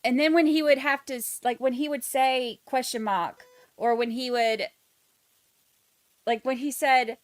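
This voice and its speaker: A woman's voice: high voice, steady tone, measured pace, no echo. A young woman with a Southern US accent hosting a casual livestream, chatting loosely and reading viewer comments aloud. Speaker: livestream host.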